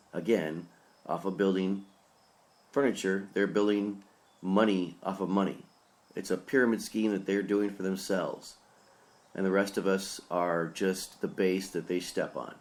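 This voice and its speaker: A man with a very low voice talks through a casual solo podcast as its pastor host. He is opinionated and rambling, and stays earnest as he works through his points. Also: darkish tone.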